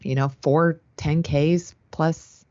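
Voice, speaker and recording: Low-voiced woman explaining race strategy. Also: takes it slowly, no room sound, highs cut off. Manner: steady, explains coaching tips. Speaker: podcast co-host. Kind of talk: casual chat.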